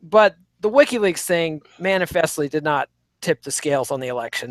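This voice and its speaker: A man's voice: on the high side, animated, a little fast, no room sound. A man co-hosting a podcast, ranting emphatically with strong opinions.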